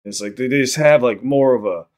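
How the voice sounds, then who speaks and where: A young man from Chicago with a Chicago accent, chatting casually on a livestream while high, rambling and swearing often. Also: brisk, a little mellow. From South Side of Chicago. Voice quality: rambling, profane, repeats himself. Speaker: streamer.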